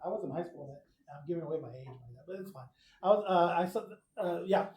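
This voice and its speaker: A fast-talking male math teacher with a fairly high, darkish voice gives a chatty lesson to a class of students, recorded for video. Questions to the class and tangents come up often.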